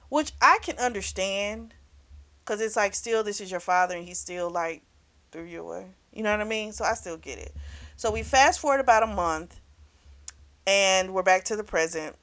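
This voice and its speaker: A woman's voice: mid-range voice, moderate pace, fairly bright tone. Chatty woman recapping a book. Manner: chatty, many fillers like "you know"; acts out characters' lines in a raised voice. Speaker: book reviewer. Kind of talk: casual book review, retelling the plot.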